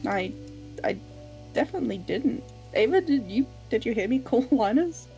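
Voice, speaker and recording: Woman, tabletop player, playful, chatty, laughing, slightly high voice. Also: animated, mellow, faint music behind. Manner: playful, quick, laughs often. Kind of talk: casual in-character banter at a game table. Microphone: home streaming mic.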